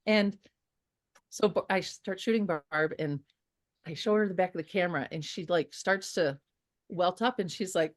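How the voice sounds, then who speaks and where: A woman photographer, a guest on an interview show, telling stories in a casual, animated way with many fillers and restarts. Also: lowish voice, moderate pace, dry recording, studio quality.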